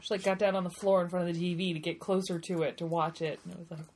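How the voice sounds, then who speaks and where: A woman's voice: lowish voice, flat delivery, fast talker, a little mellow, slight background noise. A woman in her thirties co-hosting a casual chat and telling stories with a lot of laughter. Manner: chatty, giggly storyteller. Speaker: podcast co-host.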